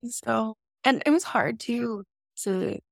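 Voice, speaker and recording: A woman's voice: on the high side, takes it slowly, gravelly, no room sound, studio quality. A woman guest on a podcast, candidly telling a personal story in an open, emotional and casual way, with some swearing.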